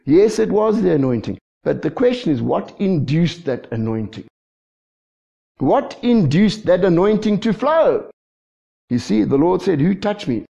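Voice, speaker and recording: Gravelly, animated preacher. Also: male voice, high-pitched, unhurried. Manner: lively preaching with frequent call-and-response asides. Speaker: pastor. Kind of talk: sermon. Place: church. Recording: dull lo-fi church recording.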